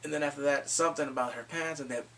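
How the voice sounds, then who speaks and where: Excitable rambling man, a bit off-mic. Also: a little high, fast talker, gravelly. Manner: rambling, excitable retelling with blunt crude slang. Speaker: movie reviewer. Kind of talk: casual spoken movie recap. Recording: distant mic with faint background noise.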